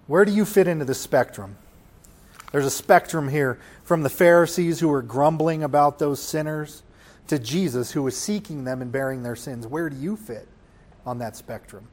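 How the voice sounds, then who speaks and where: Preaching man with a higher voice. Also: moderate pace. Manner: preaching with swells from hushed to loud; rhetorical questions to the congregation. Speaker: pastor. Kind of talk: sermon.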